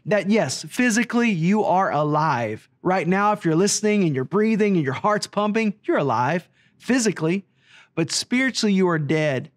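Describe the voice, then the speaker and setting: A man's voice: high voice, animated, normal speed. A man who leads a ministry, giving an earnest gospel message straight to the viewer and repeating key phrases for emphasis. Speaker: ministry leader.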